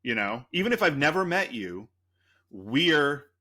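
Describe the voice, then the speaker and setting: A man's voice: on the high side, big pitch swings, unhurried, pushed and bright. A man co-hosting a podcast, rambling through a story in a loose, profane, casual way. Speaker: podcast co-host.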